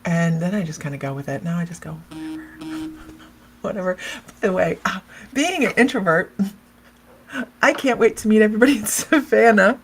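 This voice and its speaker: A woman's voice: mid-range voice, animated, a little fast. A woman psychic medium hosting a casual livestream, chatting and rambling, laughing often and talking straight to viewers by name as she reads their comments.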